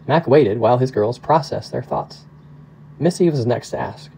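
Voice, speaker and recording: A pastor reading a novel aloud in calm, measured narration. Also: male voice, medium pitch, gravelly, a little hiss or hum, low-quality recording. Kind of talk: audiobook narration.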